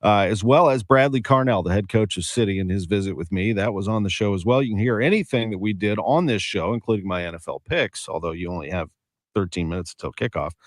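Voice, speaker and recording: A man's voice: fairly low pitch, fast, no room sound. Man, St. sports radio host; casual, wry, dry close studio sound. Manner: chatty, laughs easily, wry. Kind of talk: casual radio show wrap-up. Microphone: studio microphone.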